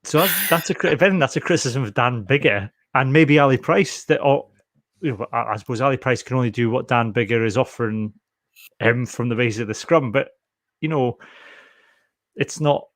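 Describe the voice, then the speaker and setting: A man hosting a rugby podcast in casual, animated chat, often acting out quotes. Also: mid-range voice, fairly quick, dry recording, clean studio sound. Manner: chatty, animated, quotes others in little voices. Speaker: podcast host.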